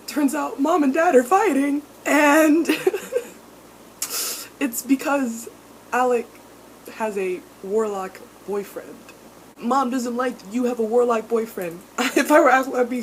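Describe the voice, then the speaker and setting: A young woman recapping a TV episode in a casual, animated and sweary way, acting out characters in mock voices. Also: a little high, moderate pace, slight background noise. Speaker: TV recap vlogger.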